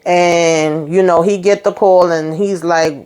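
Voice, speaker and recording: A woman's voice: lowish voice, fairly even intonation, slow pace, darkish tone, smooth. Chatty woman recapping a TV episode. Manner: chatty, rambling, many asides of "you know". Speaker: host.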